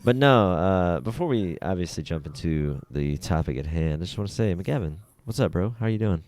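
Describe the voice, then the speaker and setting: Young guy hosting a gaming podcast, real low voice, dry close mic, swears a lot and does silly voices for quotes. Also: expressive, normal speed, darkish tone, dry recording. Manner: loose, profane, jokey, acts out quotes in high voices. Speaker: podcast host. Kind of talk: casual gaming podcast chat.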